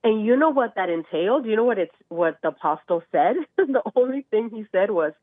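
A woman's voice: medium pitch, a little fast, no room sound. A woman calling in to a talk show, sick with a nasal voice, speaking animatedly and acting out quotes. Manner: animated, acts out quotes with laughs. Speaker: caller. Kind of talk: call-in discussion. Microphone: phone call. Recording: tinny phone line.

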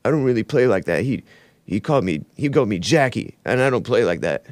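A man's voice: lowish voice, animated, fast talker, darkish tone, no room sound. An indignant male athlete, repetitive complaints, a host mimicking him, dry close sound. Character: mocked adult male baseball player, indignant.

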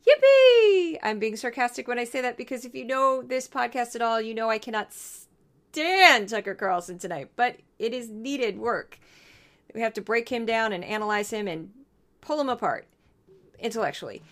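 A woman's voice: fairly high pitch, pushed and bright. A young adult woman hosting a solo podcast, talking bluntly and indignantly with sarcastic asides. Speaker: podcast host.

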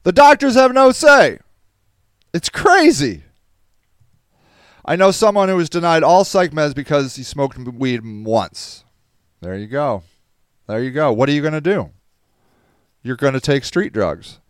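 A tired man with a stuffy nose hosts a casual livestream, rambling and reading viewer comments aloud. His voice sits fairly high and swings widely in pitch. It sounds smooth and clear, recorded close and dry. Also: expressive, unhurried, long pauses, no echo. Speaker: podcast host reading live chat.

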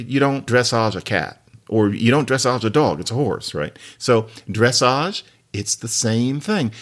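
Chatty, wry male podcast host. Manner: chatty, wry and digressive, with playful asides; lively, with big jumps up in pitch on emphasis. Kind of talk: solo podcast monologue.

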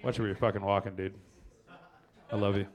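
A man hosting a live comedy podcast in front of an audience, loud and self-mocking, swearing and laughing as he runs a quiz game. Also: fairly low pitch, little pitch movement, fairly quick, a crowd in the background. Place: live show on a stage before an audience.

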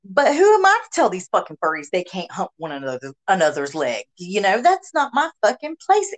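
Speaking a little fast with hardly any pauses, a woman with a mid-range voice hosts a podcast on a low-quality recording. Her political chat is casual and blunt, packed with heavy swearing and animated rants.

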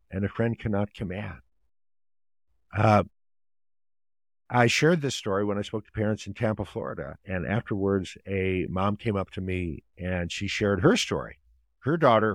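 A man's voice: fairly low pitch, normal speed, no echo. A man, a family doctor and author, answering interview questions with long stories and acting out the people in them. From United States. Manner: acts out quoted voices in anecdotes, animated retelling. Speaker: family physician and author, podcast guest.

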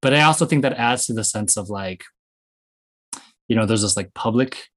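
A man with a low, husky voice leads a loose, casual conversation. He rambles, restarting sentences and padding them with fillers as he thinks aloud. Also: moderate pace, fairly bright tone. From US West Coast. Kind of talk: casual discussion.

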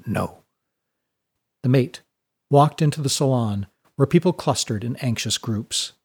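A man reading a serialized adventure story as its narrator, in a steady, measured way. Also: mid-range voice, husky.

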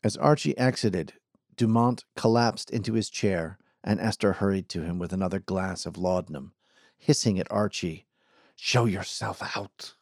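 A man narrating an audiobook in a measured, even storytelling manner. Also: low voice, no echo, studio quality. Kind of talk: scripted narration.

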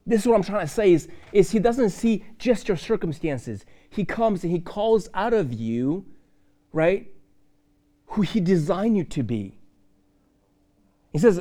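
A man preaching a sermon in a church, conversational and lively, with fillers and asides. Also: high-pitched, a little slow, pauses often. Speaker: pastor.

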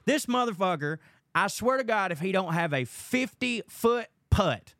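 A man's voice: sits high, animated, unhurried, fairly bright tone, dry recording, clean studio sound. Profane man telling a story. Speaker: podcast host. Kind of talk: casual monologue.

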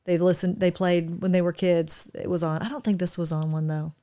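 A woman's voice: lowish voice, level tone, fairly quick, dark tone. A middle-aged woman co-hosting a casual chat show, chatty and jokey. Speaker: podcast co-host.

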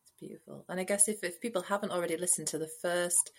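Rambling lower-pitched woman co-host. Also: fast talker. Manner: rambling, thinks aloud with "I guess". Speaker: podcast co-host. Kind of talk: casual podcast chat.

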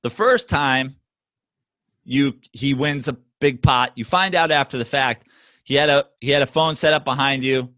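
A man co-hosting a sports podcast, arguing loudly and mockingly, swearing and mimicking others in shouted voices. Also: mid-range voice, normal speed, no echo. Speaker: podcast co-host. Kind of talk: heated sports debate.

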